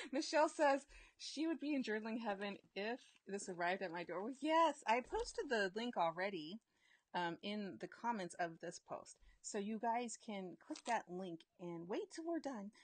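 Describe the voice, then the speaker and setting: A woman's voice: mid-range voice, big pitch swings, measured pace, no room sound. A bubbly woman chats her way through a live giveaway stream, laughing often and reading out viewer comments. She talks casually, trails off mid-sentence and starts over. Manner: chatty, trails off and restarts.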